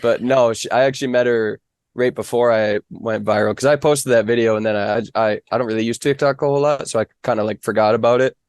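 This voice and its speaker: A man's voice: medium pitch, steady tone, fast talker, darkish tone, clean tone, dry recording, clean studio sound. A young man from the Fargo area, a weather reporter and guest, talking in a modest, easygoing way full of "like". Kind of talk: casual interview.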